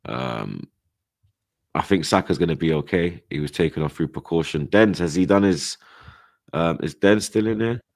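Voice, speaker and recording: A young London man with a very low voice rants about football as host of a casual podcast. His talk is full of street slang and swearing, and it keeps climbing into loud, exasperated outbursts. The sound is dry and close, with almost no room around it. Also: expressive, moderate pace, no room sound. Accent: London, multicultural London English slang. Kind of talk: heated casual football chat.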